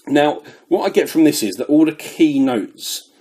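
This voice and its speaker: Husky breathless British man reviewing perfumes. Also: a little high, animated, a little slow, mellow. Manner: chatty, rambling, self-deprecating. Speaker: fragrance reviewer. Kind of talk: casual product review.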